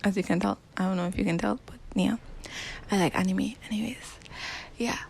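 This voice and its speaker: A woman's voice: medium pitch, fairly even intonation, brisk, vocal fry, darkish tone, a little hiss or hum. A young woman hosting a casual podcast on a phone mic, rambling and self-deprecating, dropping into whispered asides. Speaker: podcast host. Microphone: phone in a sock.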